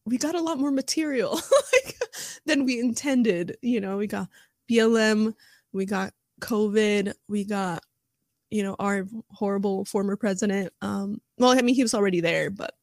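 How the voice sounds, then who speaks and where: A woman's voice: medium pitch, normal speed, a little mellow, no room sound, studio quality. Giggly, chatty woman. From United States. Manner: chatty and giggly, laughs often, many fillers. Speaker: streamer reading and discussing an article. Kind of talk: casual live-stream commentary and reading aloud.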